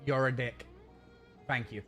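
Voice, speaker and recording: A man's voice: medium pitch, steady tone, slow pace, a bit bright, faint music behind. A man streaming a game and chatting casually with his viewers in a rambling, self-mocking way.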